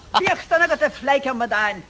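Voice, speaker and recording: A woman's voice: high-pitched, animated, moderate pace, pushed and bright. A woman as an angry Irish sketch woman. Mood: furious. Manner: angry, insulting. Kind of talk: comedy sketch dialogue.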